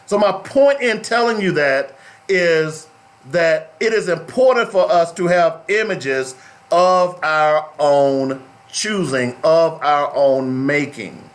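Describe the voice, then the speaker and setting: A man's voice: mid-range voice, a little hiss or hum. A middle-aged man hosting a talk radio show, speaking in an emphatic, preachy way and repeating phrases for stress.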